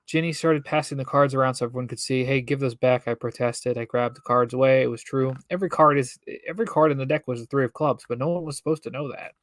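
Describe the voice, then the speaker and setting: A man's voice: medium pitch, fast, hardly any pauses, no echo. Young man reading aloud with joking asides. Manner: reads with joking, bemused asides. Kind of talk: casual read-aloud of a children's book. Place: home streaming setup.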